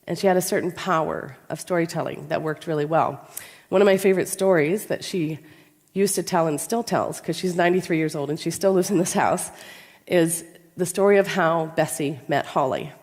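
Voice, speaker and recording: A woman with a cold, giving a storytelling conference talk in an anecdotal, measured way with pauses. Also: lowish voice, darkish tone. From American South. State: has a cold. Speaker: conference speaker. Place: large conference hall. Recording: long reverb in a large hall.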